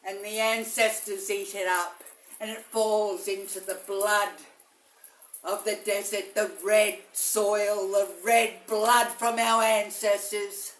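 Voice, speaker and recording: Woman, spiritual storyteller, slow and halting, roomy far-off recording. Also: medium pitch, little pitch movement. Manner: halting, many fillers and restarts. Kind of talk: rambling first-person visionary narration. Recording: echoey room, mic far off.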